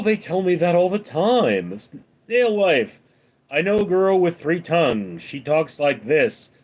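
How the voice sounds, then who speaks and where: A man hosting a late-night live stream, reading viewer comments aloud and answering them with deadpan one-liners. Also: fairly high pitch. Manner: deadpan quips between read-out comments. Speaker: livestream host reading chat.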